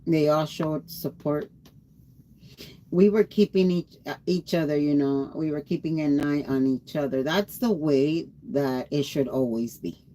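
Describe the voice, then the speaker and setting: A woman's voice: low voice, unhurried, dark tone, a little hiss or hum. A tired woman livestreamer chatting casually and rambling, greeting her viewers by name. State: tired after a long day.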